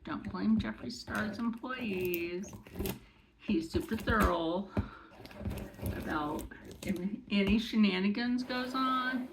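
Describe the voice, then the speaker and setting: A woman chatting through a makeup unboxing, excitable and rambling, with many asides. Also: mid-range voice, extremely slow, gravelly, pauses often, noisy background. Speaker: beauty vlogger. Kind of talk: casual unboxing chat.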